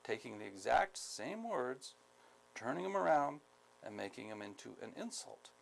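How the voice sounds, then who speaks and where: Gravelly-voiced man teaching a skills class. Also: mid-range voice, big pitch swings, a little hiss or hum, poor audio. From United States. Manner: deliberate, repeats key points, many ums. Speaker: instructor. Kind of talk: skills training lecture.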